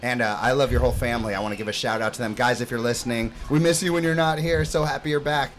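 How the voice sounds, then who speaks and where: A man's voice: medium pitch, fairly even intonation, quick pace, a little hiss or hum. A young man hosting a casual podcast, playfully teasing and hyping up a room full of kids at a summer camp. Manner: playful, hypes up and teases the guests. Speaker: podcast host and camp counselor. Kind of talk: casual group chat with kids.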